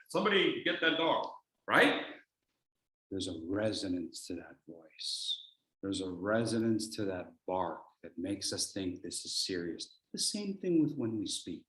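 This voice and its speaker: A man coaching public speakers in a workshop, swinging from loud bursts to near whispers. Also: medium pitch, very animated, a little slow, echoey room. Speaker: speech coach. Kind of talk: workshop teaching.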